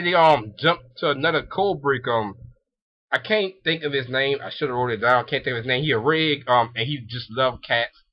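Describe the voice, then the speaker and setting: A man's voice: medium pitch, fairly quick, sharp tone. A young man casually recapping an anime episode in a rambling way, with lots of ums, restarts and frequent laughs. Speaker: anime reviewer. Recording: dull lo-fi recording.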